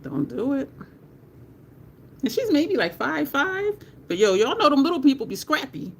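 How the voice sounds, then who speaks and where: A woman's voice: sits high, big pitch swings, measured pace, vocal fry, pauses often. A middle-aged woman, chatting and laughing with her viewers as she does her makeup live. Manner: chatty, laughs often, greets viewers by name. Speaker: makeup livestream host. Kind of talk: casual livestream chat while doing makeup.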